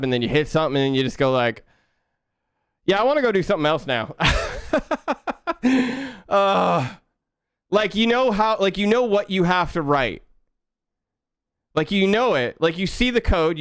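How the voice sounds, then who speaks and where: A young man chatting casually with his viewers while coding on a live stream, relaxed and quick to laugh. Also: a little high, smooth, dry recording, clean studio sound. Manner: laid-back, chatty, laughs often, talks to chat.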